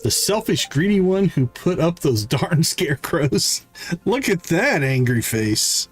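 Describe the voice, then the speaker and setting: A man's voice: on the high side, big pitch swings, measured pace, soft background music. A man voicing a rude, greedy talking crow. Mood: indignant. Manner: scornful, insulting. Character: rude, greedy female crow, sharp-tongued.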